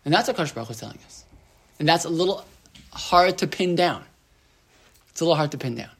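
A male rabbi leads a relaxed Torah class, talking the way people talk in a room. He keeps asking his listeners "right?" and restarts his sentences. He drops Hebrew terms into his English. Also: on the high side, very fast, creaky, husky. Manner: chatty, asks the room "right?", lots of restarts and "like".

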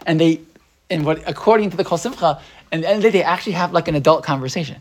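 Man, husky, animated Torah teacher, mixes in Hebrew terms, keeps asking "right?". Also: fairly high pitch, quick pace. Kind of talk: interactive Torah lesson.

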